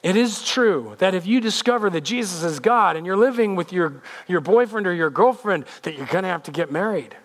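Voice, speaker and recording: A man's voice: sits high, expressive, brisk, few pauses. A male pastor giving a sermon in an emphatic, conversational way, repeating points for weight.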